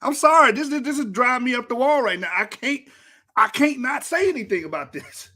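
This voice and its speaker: Animated high-voiced exasperated man. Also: brisk. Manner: exasperated, animated ranting with laughs and profanity. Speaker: debate reviewer. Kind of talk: reaction commentary over a played debate.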